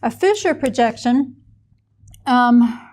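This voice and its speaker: A woman's voice: fairly high pitch, expressive, slow, a little mellow, slight background noise. A woman lecturing a chemistry class in a casual, explanatory way, with a few fillers as she goes.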